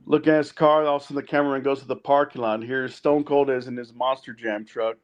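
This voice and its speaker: A man's voice: medium pitch, flat delivery, quick pace, muffled recording. A man in casual chat, hesitant and correcting himself with frequent fillers.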